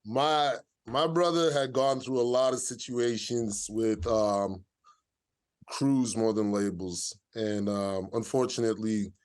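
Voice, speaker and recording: A man, a rapper guest in a casual interview, telling a story in a measured way that grows animated. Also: lowish voice, clean tone.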